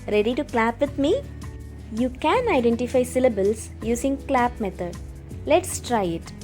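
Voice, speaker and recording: A woman teaching a poetry lesson to children in a clear, patient way. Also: fairly high pitch, lively intonation, normal speed, darkish tone, soft background music. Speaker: English teacher. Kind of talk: scripted video lesson.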